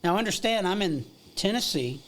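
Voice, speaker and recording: A middle-aged American man telling stories from his past in a casual interview, animated and full of restarts and laughs. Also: high voice, moderate pace. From United States. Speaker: podcast guest.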